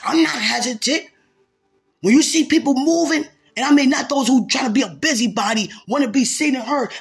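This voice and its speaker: A woman preaching a fervent sermon, repeating phrases and bursting into shouts. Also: sits high, creaky. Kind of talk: impassioned sermon.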